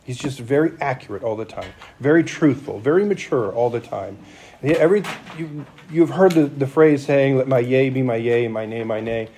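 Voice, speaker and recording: A man's voice: mid-range voice, normal speed, mellow, slight background noise. A middle-aged man, a church elder, preaching a sermon in an explanatory, conversational way with restarts and asides.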